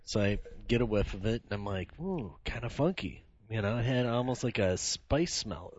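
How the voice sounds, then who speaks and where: A man hosting a casual wine podcast, an animated storyteller who laughs often. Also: lowish voice, brisk. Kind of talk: casual chat. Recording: dull lo-fi sound, dry room.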